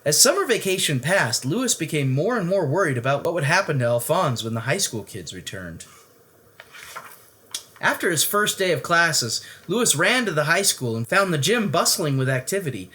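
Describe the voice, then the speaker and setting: A bedtime story reader who reads a picture book aloud. The delivery is expressive, and the pitch rises and falls in wide, animated swings. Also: normal speed.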